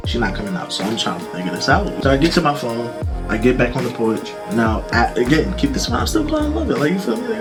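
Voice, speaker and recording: A man of middle pitch tells a rambling storytime, swearing and laughing as he goes. His delivery leans on fillers and asides. Music plays clearly behind him. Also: expressive, fairly quick. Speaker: vlogger. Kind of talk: casual storytime.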